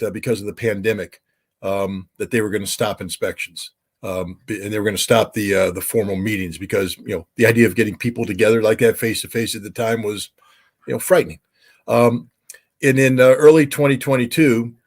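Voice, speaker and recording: A man's voice: medium pitch, slightly rough. An American man, a former weapons inspector, giving interview commentary, emphatic with many fillers and restarts.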